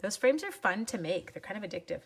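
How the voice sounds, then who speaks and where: Her voice is mid-range, sing-song, fast and slightly rough: a woman in her forties from Canada, sniffly after sneezing, hosting a home crafting demo live. She chats casually and talks a lot, often making fun of herself.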